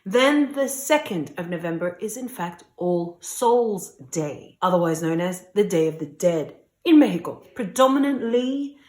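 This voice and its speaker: A woman vlogging casually to camera while traveling, shifting between playful chatter and quiet emotion. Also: fairly low pitch, animated, measured pace, hardly any pauses, echoey room. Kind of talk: casual vlog talk to camera. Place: outdoors at cemeteries.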